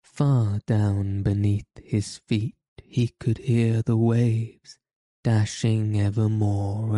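Slow, dark-voiced male storyteller. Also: lowish voice, dry recording. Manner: steady, measured read-aloud delivery. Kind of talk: storybook narration.

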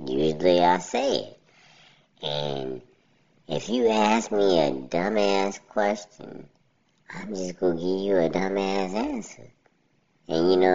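Man in a deep pitched-down robotic voice. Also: gravelly, dull audio. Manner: blunt and rambling, often says "you know what I'm saying". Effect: pitched-down robotic voice filter. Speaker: podcast host. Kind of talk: casual solo podcast monologue.

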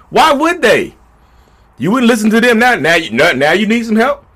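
A man's voice: sits high, sing-song, moderate pace, a bit bright. A man giving blunt, profane relationship advice in a casual vlog monologue recorded in a backyard shed. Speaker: vlogger.

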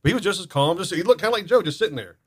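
A man's voice: high-pitched, racing, husky, no room sound, studio quality. A man who is a guest on a radio show, telling stories in casual banter and laughing often. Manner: animated storyteller, laughs often.

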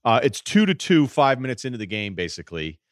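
A man co-hosting a sports podcast, telling game stories casually and dropping his voice low to mimic the people he quotes. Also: sing-song, fast talker, no room sound, clean studio sound. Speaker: podcast co-host.

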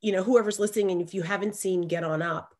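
A woman from Alabama with a Southern accent, co-hosting a podcast in animated, emphatic casual chat. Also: mid-range voice, quick pace. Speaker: podcast co-host.

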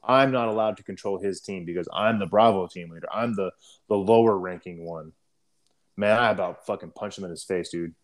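A young adult man casually telling a war story, profane and rambling, often clearing his throat. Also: low-pitched, a little fast.

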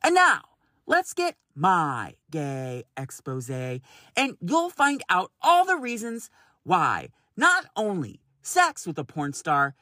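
A man in his thirties hosting a solo podcast, talking in an animated, exasperated way, swearing freely and laughing often. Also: high voice, slow, no room sound, studio quality. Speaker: podcast host.

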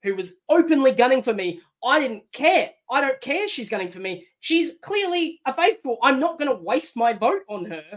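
A woman's voice: sits high, moderate pace, hardly any pauses. A woman with an Australian accent, a guest on a podcast, arguing her view in casual chat and acting out quotes. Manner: animated, argumentative, acts out quotes. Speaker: podcast guest, former contestant.

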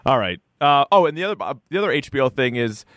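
A man's voice: mid-range voice, sing-song, fast talker, fairly bright tone, no room sound, studio quality. A man co-hosting a podcast in casual chat, blunt and opinionated and cursing freely. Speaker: podcast co-host.

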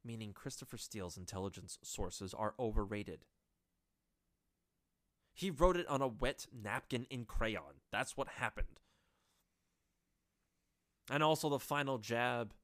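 Woman, solo commentator, sarcastic and exasperated, animated pitch. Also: measured pace, pauses often. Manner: sarcastic, exasperated, laughs at own jokes. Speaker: political commentator.

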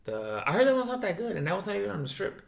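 A man's voice: high voice, sing-song, rapid-fire, vocal fry, echoey room. A young man hosting a podcast, telling stories in a loose, profane, filler-heavy way, saying "dude" often. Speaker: podcast host. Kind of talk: casual chat.

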